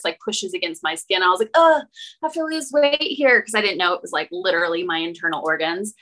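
A woman from Utah, a boundary coach, telling her story as an interview guest in an animated, chatty way full of "like" and "um". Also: lowish voice, poor audio. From Utah, United States. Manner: animated, chatty, many fillers like "like" and "um".

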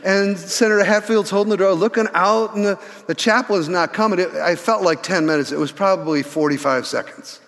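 A man in his sixties telling a story in a sermon, animated, often restarting his words. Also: high-pitched, a little fast, hardly any pauses. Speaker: pastor. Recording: reverberant church hall.

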